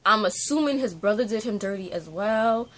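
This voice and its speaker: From her bedroom at home, a woman vlogs a casual book review into a phone on a selfie-stick tripod. She's animated and rambling, with lots of fillers, speaking at medium pitch and normal speed.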